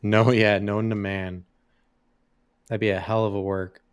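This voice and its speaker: A man's voice: lowish voice, flat delivery, measured pace, smooth. A man co-hosting a podcast in casual chat, laid-back, swearing freely and laughing often. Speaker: podcast co-host.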